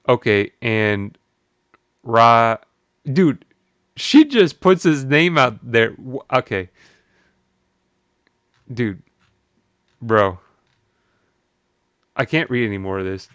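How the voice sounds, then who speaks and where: A man's voice: takes it slowly, long pauses, dry recording. A man streaming live, reading old forum posts aloud and reacting with incredulous, swearing commentary and frequent laughter. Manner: animated, incredulous, swears, laughs often, jumps up in pitch.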